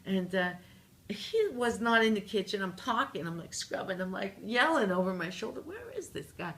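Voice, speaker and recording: Gravelly-voiced woman telling a funny story. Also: mid-range voice, normal speed. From Canada. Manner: animated, jokey, acts out her own lines. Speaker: interview guest, singer-songwriter. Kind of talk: casual storytelling interview.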